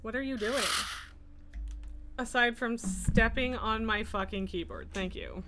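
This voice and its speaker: A woman's voice: a little high, a little slow. A woman streaming a farming game, chatting casually and giggling, who slips into baby talk with her cat. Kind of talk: casual livestream chat while playing a farming game.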